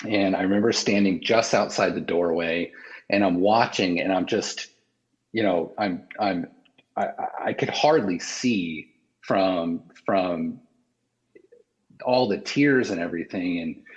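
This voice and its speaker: Low husky man telling a painful story. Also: lo-fi sound. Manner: halting, emotional retelling with many restarts. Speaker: interviewee. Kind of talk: personal story in interview.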